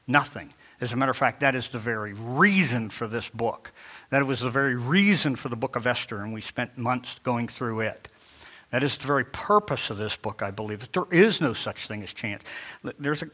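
Guy preaching, mid-pitched voice, leans hard on key lines, kinda muffled recording. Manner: emphatic, repeats key phrases, reads scripture with inflection. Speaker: pastor. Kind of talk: sermon.

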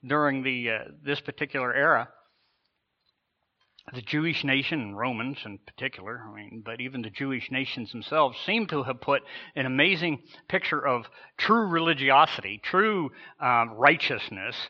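A man preaches a sermon in an earnest, searching way, often stumbling and repeating words as he restarts. His voice sits at an ordinary middle pitch. The recording sounds dull and lo-fi. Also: moderate pace. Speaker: pastor.

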